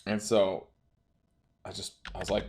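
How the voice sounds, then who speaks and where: A man's voice: low voice, level tone, measured pace, darkish tone, a little hiss or hum. A young man chatting casually about trading, easygoing, laughing often and trailing off into loose phrases. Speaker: trader. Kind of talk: casual chat.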